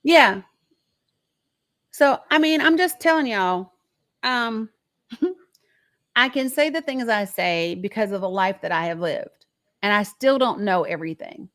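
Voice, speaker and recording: A woman's voice: medium pitch, unhurried, pauses often, fairly bright tone. A woman with a Southern American accent hosting a live-stream talk show, blunt and profane, laughing often and talking straight to her viewers.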